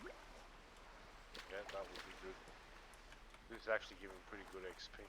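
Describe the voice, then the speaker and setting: Male teammate, lowish voice, laid-back short replies, noisy recording. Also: fairly even intonation, moderate pace. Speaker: gaming teammate. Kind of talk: casual gaming chat. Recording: noisy background.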